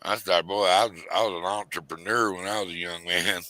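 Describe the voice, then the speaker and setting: Middle-aged man, bright forceful voice, dry close sound, rambling storyteller. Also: deep voice, fairly even intonation, fairly quick, no room sound. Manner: rambling Southern-drawled storytelling, quoting his parents in raised voices. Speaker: host telling a story. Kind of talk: casual storytelling chat.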